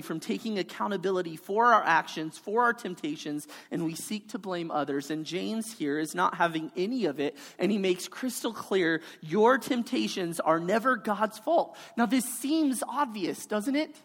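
Slow, emphatic woman preaching in a hall. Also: mid-range voice. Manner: emphatic, repetitive preaching cadence. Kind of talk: sermon. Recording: hall reverb.

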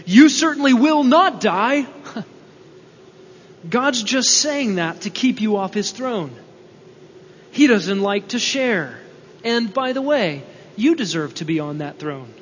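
A preacher voicing a sly tempting serpent. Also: male voice, high voice, expressive, slow pace, long pauses, a little hiss or hum. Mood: insinuating. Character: sly tempting serpent, male, smooth persuader. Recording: dull, reverberant hall recording.

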